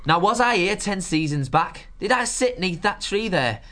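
A man's voice: high voice, expressive, normal speed, pushed and bright, voice pushed up. A man voicing a chirpy rustic harvest mouse. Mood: musing rhyme. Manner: cheerful, folksy rustic speech. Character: cheeky chatty male harvest mouse.

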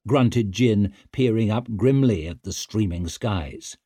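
A man narrating an audiobook in an expressive, dramatic storytelling manner. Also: lowish voice, slow pace, few pauses, husky, no echo, studio quality. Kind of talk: scripted narration.

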